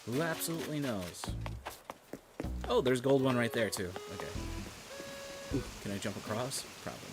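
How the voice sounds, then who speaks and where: A man's voice: medium pitch, brisk. A man chatting casually while streaming a game, telling rambling stories and swearing freely. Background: game music.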